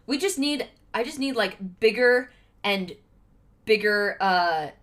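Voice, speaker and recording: A woman's voice: mid-range voice, expressive, slow, a bit bright. A young American woman chatting casually with viewers on a livestream, rambling with lots of fillers. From United States.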